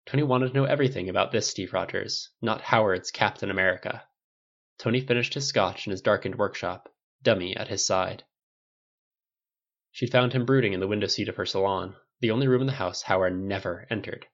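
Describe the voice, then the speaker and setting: A man reading a fan fiction audiobook aloud as narrator, in a measured storytelling delivery. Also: fairly low pitch. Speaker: audiobook reader. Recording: slightly dull lo-fi recording.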